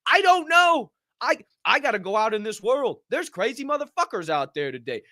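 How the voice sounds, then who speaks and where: A man's voice: very high voice, very animated, normal speed, pushed and bright, no room sound, studio quality. A man co-hosting a podcast, giving a fired-up, profane motivational rant. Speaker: podcast co-host.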